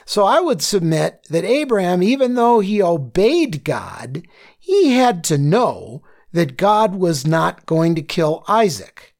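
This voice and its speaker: A slow-speaking man leads a Bible study lesson with a gravelly, creaky voice. He tells listeners what to underline and circle, often checking in with "okay?". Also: high voice, sing-song, darkish tone.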